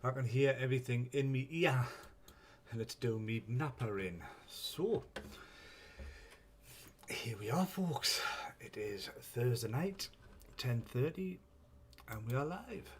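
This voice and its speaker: A man's voice: mid-range voice, lively intonation, takes it slowly, slight background noise. A man hosting a casual live stream, rambling and chatty, swearing when flustered.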